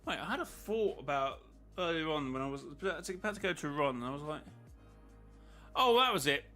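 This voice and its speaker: Bright, fairly high male streamer. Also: lively intonation, quick pace, faint music behind. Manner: rambling, self-interrupting, talks to chat. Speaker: gaming streamer. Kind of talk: casual stream chat.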